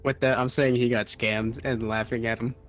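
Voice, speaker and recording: A man's voice: medium pitch, little pitch movement, normal speed, faint music behind. A man playing a tabletop game, talking in a blunt, joking way. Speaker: player.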